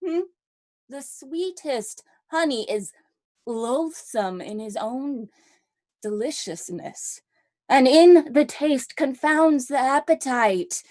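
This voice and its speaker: Woman as a kindly old friar, slow and measured, light high voice. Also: animated, a little mellow. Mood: counseling. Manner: slow, measured, with playful asides. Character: wise, joking old male friar.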